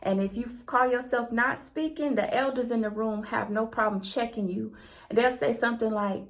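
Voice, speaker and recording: A woman with a Southern American accent, from the Deep South, telling a personal faith story in a conversational, earnest way. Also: moderate pace. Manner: conversational and earnest, with colloquial turns of phrase. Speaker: channel host.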